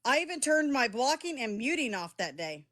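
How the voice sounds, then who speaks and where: A woman's voice: sits high, big pitch swings, moderate pace, a bit bright. A middle-aged woman live streaming from her phone, talking straight to her chat in a heated, defensive way and swearing as she goes.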